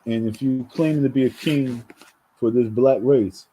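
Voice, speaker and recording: A man's voice: mid-range voice, unhurried, mellow, a little hiss or hum, low-quality recording. A man from New York talking straight to his viewers in a rambling commentary, often repeating words and calling them folks. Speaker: vlogger. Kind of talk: casual commentary monologue.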